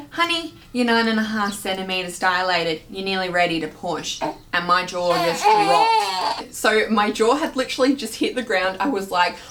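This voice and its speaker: Young woman vlogger, bright and chatty, dramatic storyteller, faint hiss behind. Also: lowish voice. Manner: chatty, dramatic, filler-heavy retelling with quoted dialogue. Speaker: beauty vlogger. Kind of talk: casual storytelling to camera.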